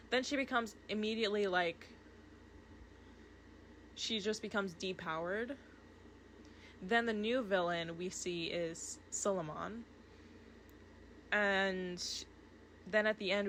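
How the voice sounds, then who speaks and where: A woman's voice: medium pitch, fairly bright tone, slight background noise. A young woman rambling casually about a film at her desk while drawing, gushing and chatty, with lots of fillers. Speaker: art vlogger. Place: home desk with her cat. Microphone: desk microphone.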